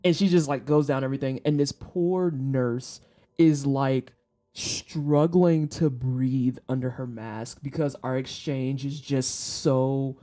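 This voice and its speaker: A woman's voice: rumbling low, steady tone, takes it slowly, mellow. A woman in her thirties chatting casually with her stream viewers, a blunt and candid storyteller who swears freely. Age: 30s. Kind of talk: casual chat. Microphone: desk microphone for headphone listeners.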